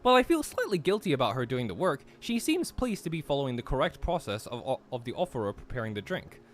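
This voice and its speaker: A man's voice: mid-range voice, quick pace. A young man streaming a game with friends, chatting casually and reading the game's narration aloud. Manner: chatty, lots of fillers, reads narration at an even clip.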